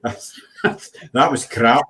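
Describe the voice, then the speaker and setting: A man's voice: medium pitch, slow, pushed and bright. A Scottish man hosting a casual chat, joking and bantering and laughing often. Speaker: host.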